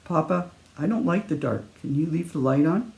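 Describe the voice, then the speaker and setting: A man's voice: fairly high pitch, lively intonation, moderate pace, creaky, a little mellow. Man reading as an anxious little girl. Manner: questioning, childlike. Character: little girl, curious and fearful at bedtime.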